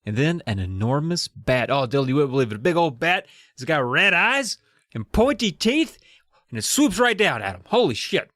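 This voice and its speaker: A man's voice: fairly high pitch, sing-song, normal speed, fairly bright tone, dry recording, clean studio sound. A man co-hosting a podcast, recapping a book in chatty, wry casual talk. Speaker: podcast co-host.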